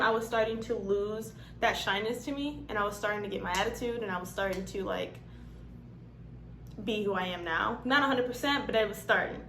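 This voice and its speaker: A young woman casually telling a personal story, acting out what others said in different voices and swearing freely. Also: medium pitch. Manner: animated, acts out quotes in different voices, swears. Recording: echoey room, faint background hum.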